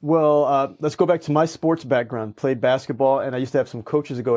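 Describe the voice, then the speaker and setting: This male guest has a medium-pitched voice and a brisk delivery. He tells stories in a casual back-and-forth, animatedly playing out quoted lines.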